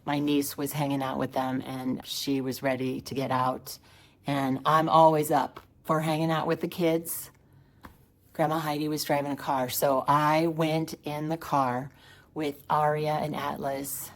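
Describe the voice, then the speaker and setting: Low-voiced woman telling a wry story. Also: little pitch movement, unhurried. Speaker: comedian. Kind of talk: storytelling stand-up clip.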